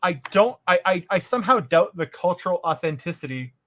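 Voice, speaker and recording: A man's voice: sits high, animated, fairly quick, bright, forceful tone. A Canadian man chatting casually and wryly while streaming a game. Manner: bantering, wry, rambling. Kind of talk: casual gaming chat.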